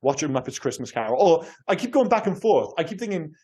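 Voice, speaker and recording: A man's voice: fairly high pitch, sing-song, fast talker, dark tone, breathy edge. A man from Cardiff with a Welsh accent, co-hosting a podcast in casual, rambling chat full of restarts and swearing. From Cardiff, Wales. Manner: rambling, self-interrupting, sweary. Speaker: podcast co-host.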